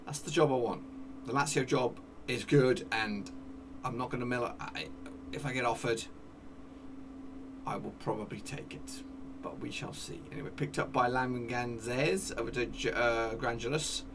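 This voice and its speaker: A man giving excitable live commentary over a football management game, cheering at goals and talking to his players. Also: mid-range voice, moderate pace, recorded from a distance, background noise. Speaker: gaming YouTuber.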